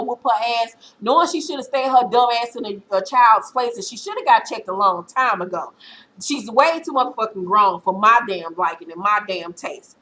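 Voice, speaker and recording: A woman in her thirties rattles through a reality-TV recap in a casual, blunt, profane way. Her voice is bright and forceful, sitting a bit high. She tells the story with animated energy. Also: low-quality recording. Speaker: TV recap vlogger.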